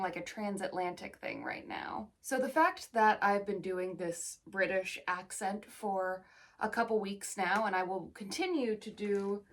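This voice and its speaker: A young woman with a standard American accent talks casually to camera, rambling and poking fun at herself. Her voice sits at an ordinary middle pitch, and she sounds a little far from the microphone. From United States. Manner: chatty, rambling, self-deprecating asides. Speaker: actor. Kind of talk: casual vlog chat.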